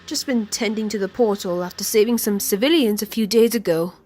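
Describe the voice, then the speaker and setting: A woman voicing a gentle, devoted female train engine in a fan audio drama, speaking earnestly and with feeling. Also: mid-range voice, fairly quick, natural voice. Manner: earnest and heartfelt, emotional. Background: music.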